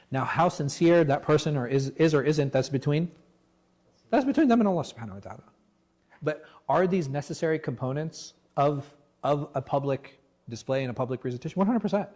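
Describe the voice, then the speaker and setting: A man leading a religious class discussion as imam, animated and full of rhetorical questions, often restarting his words. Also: on the high side. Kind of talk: interactive religious class talk. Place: mosque class room.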